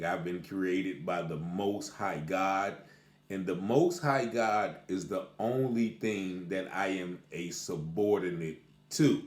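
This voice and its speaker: Man, very deep voice, unhurried, emphatic, pauses on key words, echoey room. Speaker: commentator. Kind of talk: casual spoken commentary.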